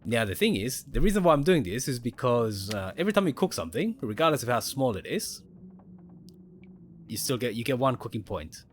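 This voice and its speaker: A man's voice: medium pitch, big pitch swings, fairly quick, a little hiss or hum. Man thinking aloud over gameplay. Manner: thinks aloud, explains mechanics to viewers. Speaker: gaming livestreamer. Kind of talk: casual gameplay commentary.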